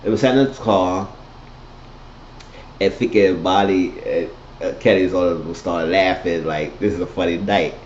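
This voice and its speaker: A man's voice: sits low, normal speed, darkish tone, a little hiss or hum. A man giving a casual, rambling, profane recap of a TV episode. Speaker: TV recap vlogger. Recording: roomy lo-fi home recording.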